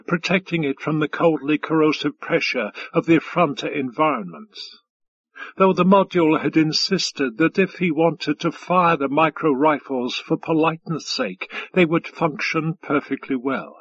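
Husky-voiced man narrating a sci-fi book. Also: fairly high pitch, lo-fi sound. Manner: measured, even storytelling. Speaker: audiobook narrator. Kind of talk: scripted narration.

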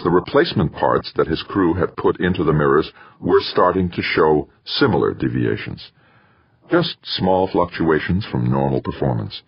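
A man reads a novel aloud in an extremely deep voice with lively intonation. His voice is gravelly and husky, and the recording is dull and lo-fi. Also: dry recording. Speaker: audiobook narrator. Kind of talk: scripted narration. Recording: dull lo-fi dry.

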